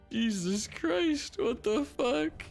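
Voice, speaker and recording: A woman's voice: high voice, vocal fry. A woman streamer reading a text adventure aloud and reacting with frequent laughter, swearing and disbelief. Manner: giggly, swears a lot, incredulous reactions.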